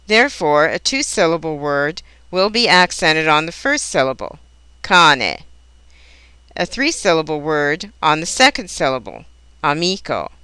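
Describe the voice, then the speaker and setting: A woman teaching a language lesson in scripted narration, pronouncing each example word slowly and carefully. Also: sits low, sing-song, bright, forceful tone, smooth, dry recording. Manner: slow, careful, precise enunciation of example words.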